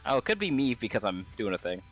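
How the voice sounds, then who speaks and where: A man's voice: mid-range voice, very animated, fast talker, fairly bright tone, faint music behind. A young man co-hosting a casual gaming stream, talking with wry, sarcastic humor. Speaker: co-host.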